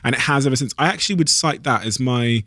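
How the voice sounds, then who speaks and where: A man's voice: mid-range voice, fast talker, sharp tone, no echo. A British man hosting a podcast, with a mid-range voice recorded close and dry. He talks earnestly and enthusiastically, often restarting his sentences. He moves between sponsor reads and questions for his guest. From United Kingdom. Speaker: podcast host.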